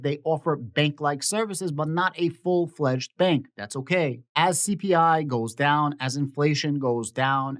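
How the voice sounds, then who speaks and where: A man hosting his own finance channel, giving casual market commentary in an explanatory, opinionated way and often repeating that he predicted things. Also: fairly high pitch. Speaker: stock market YouTuber.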